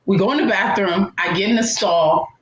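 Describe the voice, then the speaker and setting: A woman's voice: moderate pace, roomy sound, lo-fi sound. A woman telling a funny, embarrassing story in a casual chat, with big swoops in her voice. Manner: animated, laughing storyteller with swooping pitch. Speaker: co-host.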